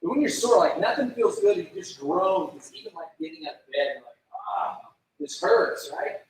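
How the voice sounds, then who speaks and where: A high, animated male voice moves at a brisk clip, heard from a distance in an echoey room. He's a youth pastor giving an informal sermon full of "like," asking the audience questions and dramatizing prayers in little voices.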